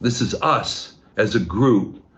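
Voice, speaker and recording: A man's voice: on the low side, slow, a bit bright. A man giving a rambling, profane, rousing fundraising pep talk over a video call. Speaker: fundraising speaker.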